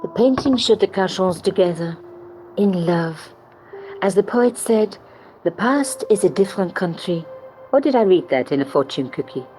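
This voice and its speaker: Actress cast as a wry young woman narrating a game, lower pitch, mellow tone, deadpan asides. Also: moderate pace, faint music behind, close to an everyday voice, poor audio. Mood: dry. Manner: dry, sardonic.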